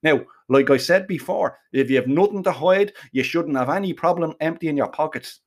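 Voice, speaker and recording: A gruff, commanding Irish bandleader who lays down the law in plain, blunt words, as a man puts him on. The voice sits a shade high for a man. He reads as a man used to running the show in an audiobook. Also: normal speed. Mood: stern. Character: brash male Irish bandleader, bossy, blunt.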